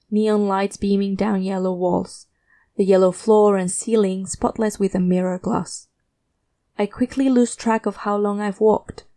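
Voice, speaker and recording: A woman with a medium-pitched, gravelly voice narrates a first-person story, her tone warm and mellow. The reading is steady and measured, holding a subtle tension, much like a scripted audiobook.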